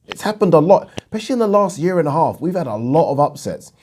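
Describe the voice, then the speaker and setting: A man hosting a boxing vlog, talking in a chatty, animated way and repeating himself for emphasis. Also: fairly high pitch, fast talker, a little hiss or hum. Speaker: boxing channel host. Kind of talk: casual vlog talk.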